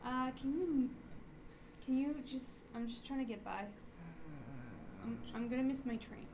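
High-voiced woman doing improv, flustered and pleading, noisy live room. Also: a little slow. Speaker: improv performer. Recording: noisy live theater recording.

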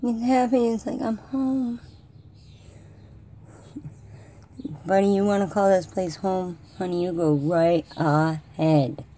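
A woman's voice: lowish voice, takes it slowly, dark tone, slight background noise. A woman vlogger giving casual running commentary as she watches squirrels, talking both to the animals and to her viewers.

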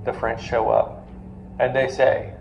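A man teaching finance to a live class, telling stories and quizzing the students as he goes. His voice sits at an ordinary middle pitch and rings around a roomy classroom. A faint hum of noise runs underneath. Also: flat delivery, slow pace, creaky, darkish tone, muffled recording. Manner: storytelling, asks the class questions, jokey asides. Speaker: finance lecturer.

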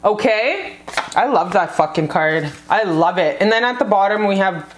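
A woman's voice: medium pitch, lively intonation, normal speed, a little hiss or hum. A woman giving a casual pick-a-card love reading to her viewers. She gushes and swears freely, calling her audience "you guys.". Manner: gushing and profane, addresses viewers as "you guys". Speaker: tarot card reader. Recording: roomy echo.

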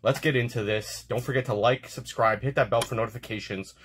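A man's voice: mid-range voice, steady tone, fairly quick, a bit bright, slight background noise. A man hosting a card-opening video, chatting casually and stumbling over names as he goes. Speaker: card-opening channel host. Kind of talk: casual unboxing chat.

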